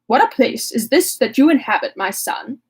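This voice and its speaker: A woman reading the part of a mournful aging father from a classic novel, in a breathy voice. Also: fairly high pitch, big pitch swings, moderate pace, a little mellow, exaggerated voice.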